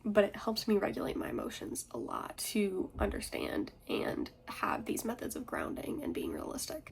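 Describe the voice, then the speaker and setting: A woman of twenty-one with a congested, nasal voice, giving casual advice to camera and often dropping into soft whispers. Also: fairly high pitch. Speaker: vlogger.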